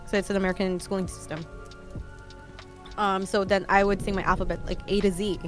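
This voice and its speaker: A woman streamer with a middling pitch chats casually and rambles through her stories, laughing often. She grew up in the Philippines and Canada. Faint music plays behind her. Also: level tone, brisk. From Philippines, raised in Canada from age twelve. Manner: chatty, rambling storyteller who laughs often.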